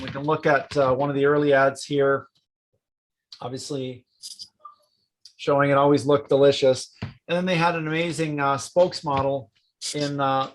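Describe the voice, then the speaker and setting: A man's voice: on the high side, a bit bright. A man hosting an interview in a loose, casual way, leaning on fillers as he introduces guests and topics. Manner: loose, hesitant, many fillers. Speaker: host.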